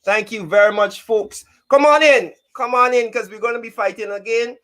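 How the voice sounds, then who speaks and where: Chatty high-voiced male host. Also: normal speed, a bit bright. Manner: chatty, greets viewers by name and place. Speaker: talk show host. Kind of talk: casual live-stream talk show.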